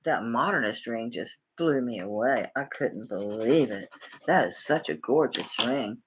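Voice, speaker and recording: A woman's voice: extremely low pitch, animated, measured pace, noisy background. A middle-aged woman with a Southern accent, chatting folksily with viewers by name while selling jewelry on a live stream. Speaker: jewelry auction seller. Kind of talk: live-stream sales chat.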